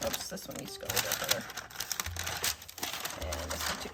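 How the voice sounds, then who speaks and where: A woman's voice: a little fast, very noisy. A woman with a Kansas accent hosting a casual cooking demonstration in her home kitchen, chatty and joking, laughing often. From Kansas, USA. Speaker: cooking show host.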